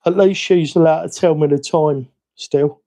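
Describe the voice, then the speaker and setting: Cockney man, slightly high voice, mellow tone, easygoing live-stream chatter, self-mocking. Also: steady tone, moderate pace. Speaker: hobby livestream host. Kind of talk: casual live-stream chat while working.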